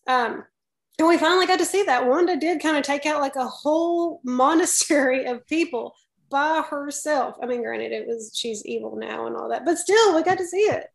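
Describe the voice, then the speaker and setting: A woman's voice: high-pitched, normal speed, creaky. A married woman co-hosting a casual movie discussion, chatty and amused as a keen fan. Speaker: podcast co-host.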